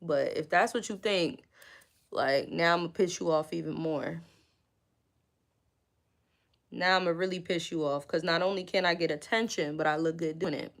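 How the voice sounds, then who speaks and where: A woman's voice: fairly low pitch, fairly quick. A woman on a casual livestream, talking back to viewer comments in a mocking, profane, sassy way.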